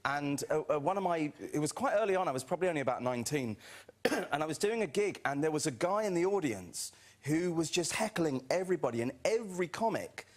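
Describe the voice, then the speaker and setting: A man, a comedian, telling a lively anecdote on a chat show sofa, acting out other people's voices and laughing. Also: on the high side, fairly quick. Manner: animated storytelling, acts out other voices, laughs often. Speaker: comedian guest. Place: TV studio with audience.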